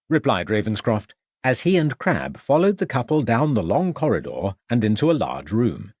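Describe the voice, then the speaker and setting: Brief: male audiobook narrator, low voice, lively intonation, measured. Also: husky, no echo, clean studio sound. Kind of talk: scripted narration.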